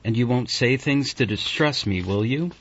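A man's voice: medium pitch, normal speed, breathy edge. A man reading an audiobook voices a guarded, emotional young woman who speaks hastily. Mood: pleading. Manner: tense, hasty. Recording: dull, dry audiobook recording.

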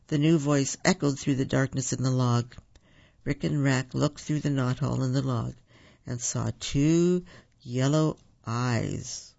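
A man's voice: medium pitch, measured pace, vocal fry, darkish tone. A man reading a children's story aloud, with small slips and restarts. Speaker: storybook reader. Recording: dull lo-fi recording.

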